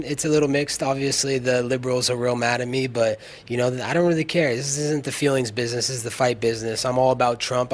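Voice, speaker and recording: A man being interviewed, talking brash and combative trash talk. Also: mid-range voice. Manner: combative, boastful.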